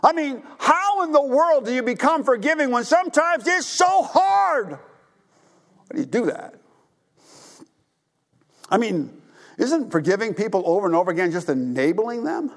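A man with a fairly high voice delivers a sermon as pastor. He tells the story with animated emphasis, swinging his delivery and slipping into the voices of the people in it. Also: unhurried, gravelly, long pauses. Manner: animated, acts out characters' voices.

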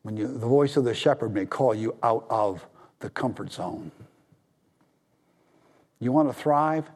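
A man preaching a sermon as pastor, swinging from raised appeals down to hushed, low tones for emphasis. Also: measured pace.

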